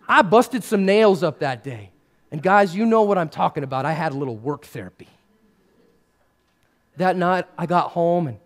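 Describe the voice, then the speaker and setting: A male pastor giving a first-person character sermon, addressing listeners directly and swinging between hushed and raised passages. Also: sits high. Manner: speaks to listeners directly as "you" and "guys".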